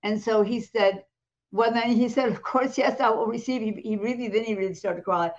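A woman co-hosting a talk show, retelling a testimony in a lively way and acting out the voices in it. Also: a little high, a little fast, highs cut off. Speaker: co-host. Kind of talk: animated testimony storytelling.

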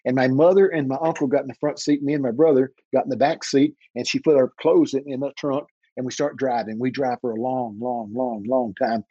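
A man's voice: medium pitch, steady tone, dark tone, no echo, muffled recording. A man, telling dramatic personal stories in an interview and acting out the voices. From Texas. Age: 80s. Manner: dramatic storyteller who acts out voices, slows down for emphasis. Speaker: minister being interviewed. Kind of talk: animated personal storytelling.

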